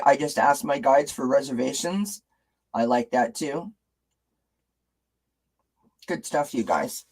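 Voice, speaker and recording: A man's voice: on the high side, low-quality recording. A man hosting a casual live stream, chatting with viewers, reading out their comments and asking them rhetorical questions, often restarting his sentences.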